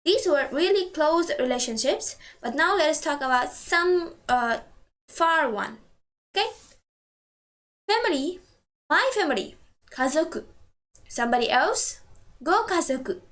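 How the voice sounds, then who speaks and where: A woman teaching a language lesson, patiently saying each word twice and slowly for practice. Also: high-pitched, animated, fairly bright tone.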